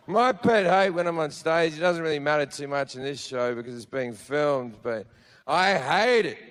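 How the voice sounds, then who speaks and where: A man's voice: high-pitched, fairly bright tone. A man performing a profane, storytelling stand-up comedy routine on a theater stage.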